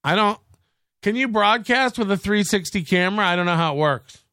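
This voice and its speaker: A man's voice: high voice, animated, brisk, pushed and bright, smooth, no room sound, clean studio sound. Sarcastic, foul-mouthed male livestream host. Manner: sarcastic, profane, rambling; thanks viewers for donations. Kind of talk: casual solo livestream rant.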